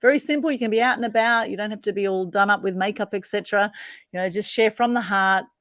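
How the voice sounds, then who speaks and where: A woman's voice: mid-range voice, quick pace, a bit bright, no echo, studio quality. A woman hosting a live online interview, effusive and chatty. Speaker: host.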